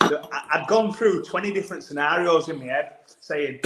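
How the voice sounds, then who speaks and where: A man's voice: fairly high pitch, brisk, background noise. Man telling a rambling yarn. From England. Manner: rambling anecdotal storytelling with restarts. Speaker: rugby player guest. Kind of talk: casual podcast chat. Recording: echoey room.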